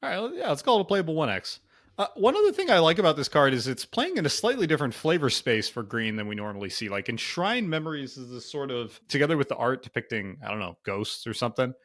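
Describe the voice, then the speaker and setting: A man's voice: mid-range voice, big pitch swings, quick pace, fairly bright tone. A man co-hosting a casual card game review podcast, thinking aloud with lots of fillers. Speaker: podcast co-host.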